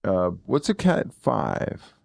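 Male host, low gravelly voice, rambling and self-correcting, dry close sound. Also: wildly swooping pitch, slow, darkish tone, dry recording. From eastern Pennsylvania. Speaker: podcast host. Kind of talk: casual chat.

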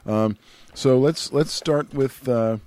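A man's voice: medium pitch, slow, darkish tone, dry recording. A man co-hosting a casual podcast, rambling, laughing easily and chewing while he talks. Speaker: podcast co-host. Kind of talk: casual chat.

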